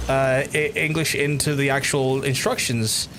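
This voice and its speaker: A man talks casually on a gaming livestream at an everyday pitch, rambling and peppering his chat with swearing as he replies to viewers. The stream audio is noisy, with game ambience running beneath him. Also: flat delivery, unhurried. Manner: rambling, profane, chatty, answers chat messages.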